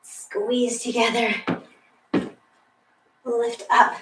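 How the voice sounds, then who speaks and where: A woman's voice: on the high side, level tone, extremely slow, reverberant, far from the mic, noisy background. A woman leading a guided workout, a little out of breath, encouraging and laughing often as she gives instructions. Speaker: fitness instructor. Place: room with a wall and ceiling tiles, indoors.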